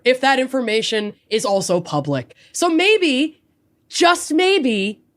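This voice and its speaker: A woman from Minnesota co-hosting a true crime podcast, talking bluntly with lots of swearing. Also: fairly high pitch. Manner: profane, blunt and emphatic. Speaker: podcast co-host. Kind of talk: casual chat.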